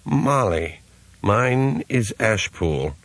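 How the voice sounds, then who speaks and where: A man reading an audiobook, voicing a tall old man who slurs like a drunk and speaks softly with menace. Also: fairly low pitch, animated, drawn-out words, dry recording, voice pushed up, full character voice. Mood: languid. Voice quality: slurred, drunken. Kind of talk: audiobook character voice.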